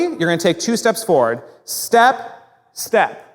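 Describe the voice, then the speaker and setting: A young man leading children through a dance routine, energetic and encouraging, counting out the steps. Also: high-pitched, unhurried, long reverb tail. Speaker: dance instructor for a kids' camp. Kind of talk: upbeat dance tutorial for children.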